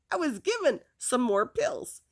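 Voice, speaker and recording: A woman telling a personal story in a rambling, halting way, chuckling now and then. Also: high voice, sing-song, a bit bright.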